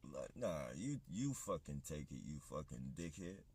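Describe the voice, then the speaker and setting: Husky man ranting angrily. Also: very deep voice, very animated, measured pace, darkish tone. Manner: heated, profane, rambling rant. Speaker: livestream host. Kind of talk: angry ranting livestream monologue.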